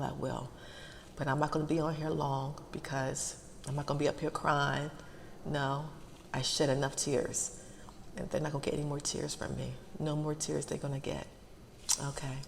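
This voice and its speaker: A middle-aged woman talks straight to her viewers in a low, gravelly voice. She stumbles and repeats herself, close to tears, and a long reverb trails each phrase. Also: slight background noise. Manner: halting, repeats her words, near tears. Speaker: ASMR channel host. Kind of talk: emotional casual talk to viewers.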